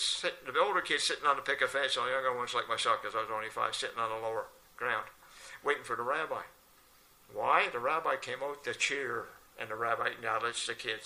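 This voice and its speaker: An older man spins a casual anecdote with a very bright, forceful edge to his voice. He jumps into lively voices for the people he quotes, and his pitch sits at an ordinary middle level. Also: poor audio. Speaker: local storyteller.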